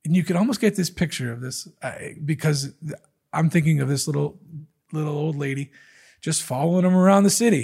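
A man's voice: a little high, fairly quick, creaky, a little mellow, slightly rough. A man preaching a sermon, teaching from the Bible in a conversational, emphatic way. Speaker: pastor.

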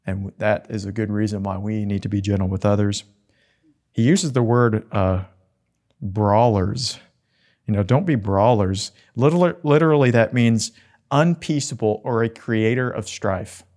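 A man preaching a sermon in an earnest, gentle way, with soft asides. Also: on the low side, steady tone, normal speed.

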